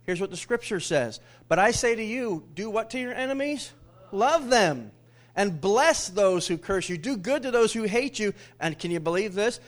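A middle-aged pastor with a high-pitched voice preaches at a normal speed and with plenty of animation. He draws the congregation into call-and-response, swinging between loud pronouncements and hushed asides.

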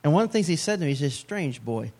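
Middle-aged male pastor, a touch higher pitched, chatty sermon delivery with playful asides. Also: sing-song, rapid-fire, a little mellow. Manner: conversational preaching with joking asides.

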